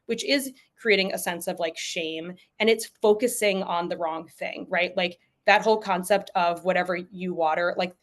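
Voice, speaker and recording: A woman's voice: on the low side, fairly even intonation, normal speed, hardly any pauses. A young adult woman speaks over a video call, giving parents advice in an easygoing, conversational way. Her speech is loose and full of "like" fillers, and now and then she slips into the voice of a parent talking to a child. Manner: chatty, frequent "like" fillers, acts out parent voices. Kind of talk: casual advice talk at a virtual event.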